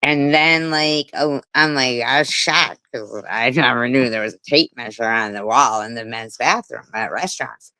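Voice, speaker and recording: A woman's voice: very deep voice, normal speed, pushed and bright, no echo, low-quality recording. A middle-aged woman hosting a live stream, telling a rambling story with swearing and laughs. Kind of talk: casual live stream chat.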